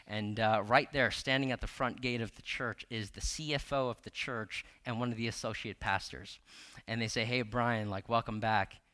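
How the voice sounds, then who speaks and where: Male pastor in his thirties, bright and forward tone, chatty sermon storytelling, lots of "um" and asides. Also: mid-range voice, normal speed. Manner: conversational, many fillers and repeated words, asks the congregation questions.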